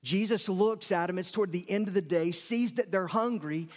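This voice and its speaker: Middle-aged male pastor, somewhat higher voice, conversational sermon with emphatic repeats, long church reverb. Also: moderate pace. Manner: conversational preaching with sudden bursts and emphatic repetition. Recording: long reverb of a large hall.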